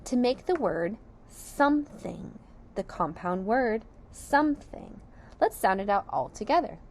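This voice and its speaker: A woman teaching young children sight words and compound words, sounding out each part slowly and clearly with encouraging praise. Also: fairly high pitch, very animated, slight background noise. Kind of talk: sight word and phonics lesson for young children.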